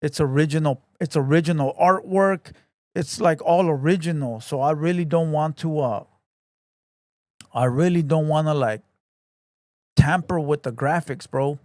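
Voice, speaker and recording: Profane man, higher voice. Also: moderate pace, darkish tone, no room sound, studio quality. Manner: profane, blunt, laid-back street slang, calls everyone "fool". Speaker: podcast host reading viewer comments. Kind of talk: casual livestream chat.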